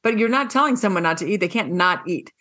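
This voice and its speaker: A woman hosting an interview in a casual, chatty way. She is animated and emphatic and swears frankly. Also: mid-range voice, fast. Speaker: podcast host.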